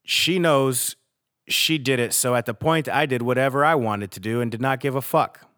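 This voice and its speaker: A man's voice: medium pitch, normal speed, a bit bright, no room sound, studio quality. Man earnestly reading a letter aloud. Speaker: podcast host.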